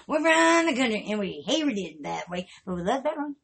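Woman host, loose profane chat, high voice with wild swings, laughs through everything. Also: big pitch swings, unhurried, gravelly, breathy edge. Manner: profane, laughs constantly, swings loud to quiet. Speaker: podcast host. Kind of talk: casual rambling chat.

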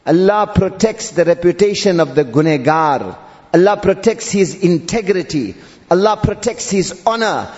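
A man preaching, his voice sitting high for a man. He drags out key words slowly and repeats them, climbing in emphasis. The sound is dull and muffled, with a long reverb trailing behind. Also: lively intonation, darkish tone. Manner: repeats and drawls Arabic terms, rising emphatically. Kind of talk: sermon.

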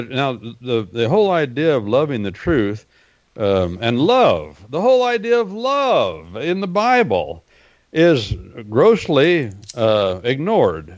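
A man, a regular guest on a radio talk show, explaining Bible words at length, repeating himself and filling pauses with "uh". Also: on the low side, no room sound. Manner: explanatory and repetitive, with many fillers. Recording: dull, dry lo-fi sound.

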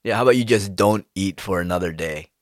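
A man, rambling in a casual, profane monologue with sudden jumps in pitch. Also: fast talker, no echo, clean studio sound.

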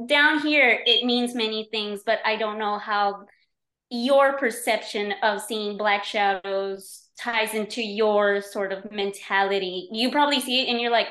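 Woman, podcast guest, casual chatty storyteller, mid pitch, echoey room. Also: moderate pace. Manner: animated storyteller, many fillers. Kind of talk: casual conversation.

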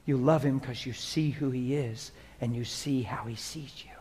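A pastor preaching a sermon to a congregation in a room, talking straight to the people in front of him. He swings from soft, hushed prayer to loud, lively preaching. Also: medium pitch, normal speed, a little hiss or hum. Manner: earnest, conversational preaching, addressing the room directly. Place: church hall before a congregation.

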